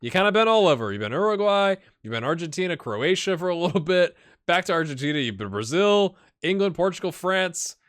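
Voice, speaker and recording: A man hosting a gaming channel thinks aloud in casual commentary, speaking straight to his virtual players in a clear, resonant voice. He talks fairly quickly with few pauses, stays animated, and jumps high when excited.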